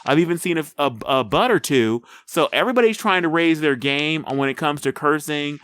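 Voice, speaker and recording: A man co-hosting a podcast reviews a movie trailer in casual chat, rambling with many fillers and restarts. His voice is a little high, fairly quick, smooth and fairly bright, in a dry recording.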